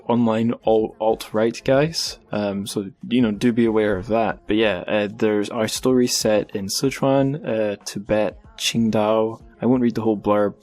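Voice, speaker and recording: Casual male podcast host, lowish voice. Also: a little mellow. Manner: casual, filler-heavy reading of news and blurbs. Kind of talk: solo podcast news segment.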